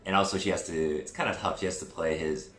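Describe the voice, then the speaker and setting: A man's voice: deep voice, steady tone, fast talker, fairly bright tone. A man giving a chatty, digressive movie review vlog, with self-deprecating asides. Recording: roomy echo with faint music.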